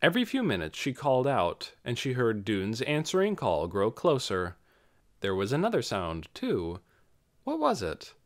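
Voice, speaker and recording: A male audiobook narrator reads with a lively, rising and falling voice. His storytelling is expressive and scripted. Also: mid-range voice, moderate pace.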